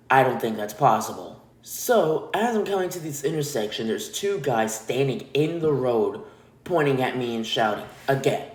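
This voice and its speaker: A man's voice: medium pitch, reverberant. Blunt, profane male podcast host. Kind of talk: casual storytelling monologue.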